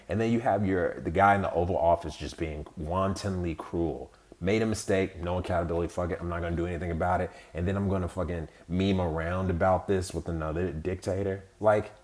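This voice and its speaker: Man, low voice, podcast host, heated and profane, rambling rant. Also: normal speed. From United States. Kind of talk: casual political commentary.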